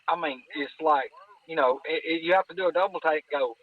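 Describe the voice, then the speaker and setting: A man's voice: on the high side, a little fast. A man from North Alabama with a Southern accent, a podcast guest talking in a folksy, earnest way and often repeating words as he searches for them. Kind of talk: casual chat. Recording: dry, phone-like line.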